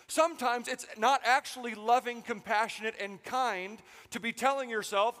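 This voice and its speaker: A man preaching a sermon as pastor, animated and joking as he tells stories to the congregation. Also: extremely high pitch, a little fast, few pauses, long reverb tail.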